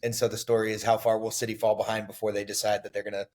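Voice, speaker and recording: A man co-hosting a sports podcast, calmly laying out stats and teasing his co-host in casual debate. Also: lowish voice. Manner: measured, stat-citing, teasing.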